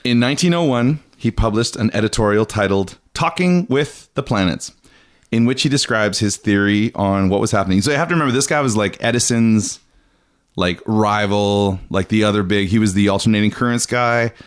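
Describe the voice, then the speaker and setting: A man's voice: lowish voice, fairly quick. A man hosting a casual podcast chat, chatty and laughing, acting out the people he talks about. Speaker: podcast host.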